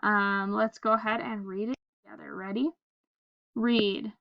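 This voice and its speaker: Her voice is medium-pitched and gravelly, with fairly even intonation and an unhurried pace, heard on a muffled recording without echo. This woman teacher gives a phonics lesson, reading aloud slowly, spelling words letter by letter, and prompting the class to follow along.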